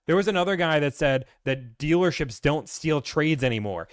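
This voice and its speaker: A man hosting a casual Q&A stream, blunt and ranting, acting out salesmen in quick put-on voices. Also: a little high, animated, no echo, clean studio sound. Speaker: host answering viewer questions. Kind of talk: casual livestream Q&A.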